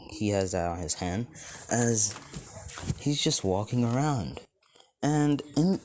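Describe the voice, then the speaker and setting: A man's voice: low-pitched, a little hiss or hum. A man casually narrating an improvised fan story, rambling and adding off-the-cuff asides.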